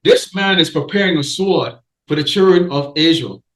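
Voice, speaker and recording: A man's voice: a little high, normal speed, a bit bright, roomy sound, rough recording. A man preaching a warning sermon, emphatic, often stopping to say okay and restarting his sentences. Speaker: street preacher.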